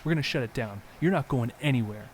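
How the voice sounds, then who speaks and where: A man voicing a ragged, agitated stranger who yells accusingly in anger. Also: medium pitch, animated, quick pace, slight background noise, lightly acted. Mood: furious. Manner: shouting, accusatory.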